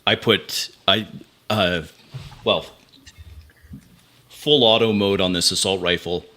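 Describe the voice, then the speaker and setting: Deep, bright-toned man playing a tabletop game. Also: steady tone, takes it slowly. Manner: describes his character's moves in first person. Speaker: player.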